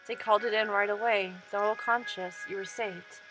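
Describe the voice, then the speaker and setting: A woman voicing a solemn mirror world spirit that explains things in a measured way, reading aloud for a game playthrough. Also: medium pitch, steady tone, music in the background, lightly acted, poor audio.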